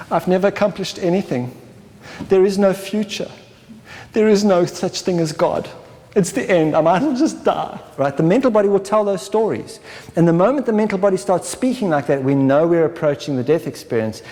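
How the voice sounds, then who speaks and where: A man's voice: on the high side, a little mellow. Man lecturing in a reverberant hall. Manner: checks in with listeners with a constant "right?"; acts out inner voices in short dramatized asides. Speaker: workshop presenter. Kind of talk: spiritual workshop talk.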